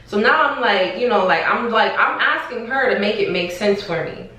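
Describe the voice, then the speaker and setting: A young woman tells a story in a casual vlog. She speaks in an animated, exasperated way, with slang and the odd curse word. Her voice sits a little high, and the sound bounces around a very echoey room. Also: moderate pace. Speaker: vlogger. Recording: echoey room, far from the mic.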